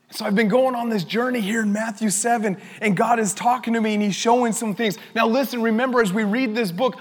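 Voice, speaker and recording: A man preaching a sermon, chatty at first and building to forceful, emphatic delivery. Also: very high voice, steady tone, a little fast, hardly any pauses, big-room sound.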